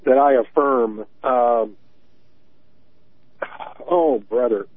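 A man's voice: medium pitch, fairly even intonation, drawn-out words, no room sound. A man in his early sixties calling in to a radio show, talking earnestly and often repeating words as he makes his point. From Tennessee. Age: 60s. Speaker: caller. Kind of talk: call-in radio talk. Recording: tinny dry phone line.

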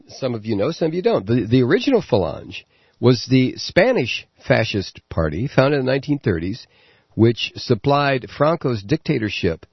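A man's voice: mid-range voice, creaky, husky, dry recording, highs cut off. Sarcastic male talk radio host. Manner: sarcastic, animated, halting with many fillers. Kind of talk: political commentary monologue.

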